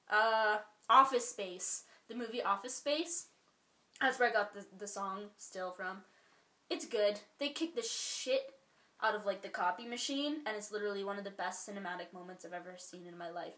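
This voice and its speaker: A woman's voice: mid-range voice, pushed and bright. A woman with a Canadian accent chatting casually to camera as a vlogger, rambling with lots of likes and ums and laughing as she goes. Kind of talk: casual chat. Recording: roomy echo.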